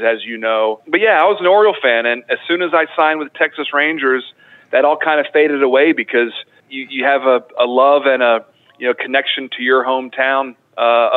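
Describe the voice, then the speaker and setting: A man from Baltimore, a former ballplayer, talking casually in an interview with frequent fillers. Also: mid-range voice. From Baltimore, United States. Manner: conversational, frequent fillers and restarts. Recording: tinny phone-like line.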